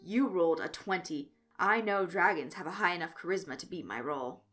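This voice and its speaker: A woman playing a deadpan teenage comedian. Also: medium pitch, brisk, soft background music, lightly acted. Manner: deadpan with small stutters.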